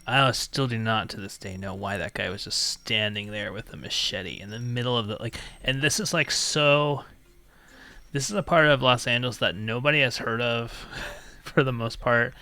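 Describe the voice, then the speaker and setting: A man's voice: fairly low pitch, bright, forceful tone. A man hosting a call-in talk stream, telling a rambling story in casual chat with frequent laughs. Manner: rambling, laughs often, mock phone-menu voice. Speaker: call-in show host.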